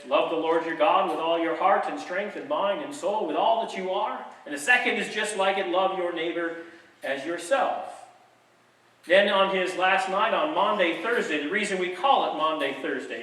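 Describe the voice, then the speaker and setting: A man's voice: sits high, normal speed, fairly bright tone. A man preaching a sermon as pastor, conversational and dotted with wry jokes. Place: church sanctuary. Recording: echoey sanctuary, mic at a distance.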